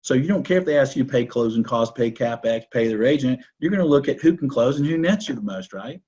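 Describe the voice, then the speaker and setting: A man's voice: medium pitch, expressive, fast talker, darkish tone, husky, muffled recording. A man, a real estate broker and podcast guest, talking assertively and telling stories, often checking in with "right?". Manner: assertive, explains with rhetorical "right?". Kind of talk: conversational interview storytelling.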